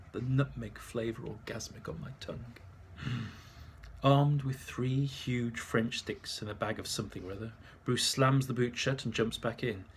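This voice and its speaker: A man's voice: medium pitch, a little hiss or hum. A man narrating his memoir in a dry, wry manner.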